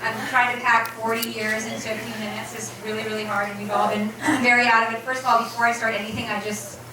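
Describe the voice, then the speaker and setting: A woman's voice: on the high side, little pitch movement, quick pace. Nervous, sad woman reading a eulogy. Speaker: sister giving a eulogy. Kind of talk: memorial speech read from notes. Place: room at a memorial gathering. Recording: echoey room, distant mic, background noise.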